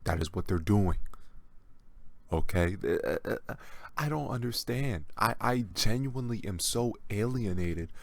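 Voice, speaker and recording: A man's voice: on the low side, expressive, unhurried, gravelly. A man hosting a gaming channel, delivering a sarcastic reaction rant in a mocking, exasperated way and often repeating himself.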